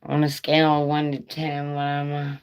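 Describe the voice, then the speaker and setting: A woman live streaming in casual chat, with a raspy voice like a chain smoker's, talking in a nervous, rambling, profane way. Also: low voice, completely flat delivery, moderate pace, darkish tone.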